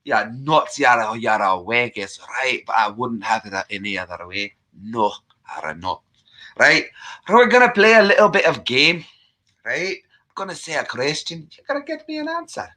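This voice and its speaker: A man's voice: mid-range voice, big pitch swings, normal speed, sharp tone. A man putting on a hammy fake Scottish brogue. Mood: jolly. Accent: mock Scottish. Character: man faking a Scottish brogue, jolly and boastful.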